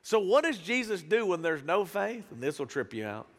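A man preaching a sermon as pastor, animated and casual, acting out Bible characters with slangy asides. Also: high voice, moderate pace, long reverb tail. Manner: casual slang, southern-tinged phrasing.

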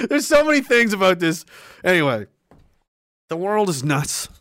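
Animated high-pitched sarcastic ranting man. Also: normal speed, dry recording, clean studio sound. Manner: animated, sarcastic, profane, laughing. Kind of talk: ranting commentary.

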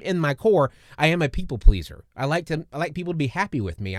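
A man's voice: mid-range voice, dry recording, clean studio sound. A man hosting a casual faith-based podcast, talking in an earnest, rambling way with many restarts and repeated words. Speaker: podcast host.

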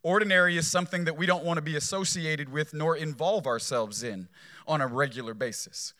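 Male pastor, sermon delivery, bright and slightly high voice, chatty with repeated phrases. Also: a little fast. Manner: conversational preaching, frequent "right?" tags, repeats phrases for emphasis.

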